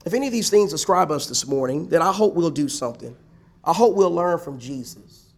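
A pastor preaching a sermon to a congregation, asking rhetorical questions and repeating key lines for emphasis. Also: male voice, fairly high pitch, lively intonation, a little fast, vocal fry. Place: church.

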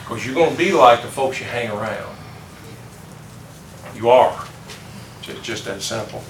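In a classroom or church meeting room, an older man leads an informal Bible class, folksy and chuckling as he puts questions to the class. His medium-pitched voice is lively and unhurried, caught by a distant room mic in an echoey space with background noise.

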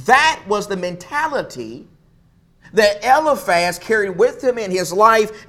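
A man's voice: high-pitched, expressive, normal speed, sharp tone. A man preaching a sermon as pastor, emphatic, repeating phrases for stress.

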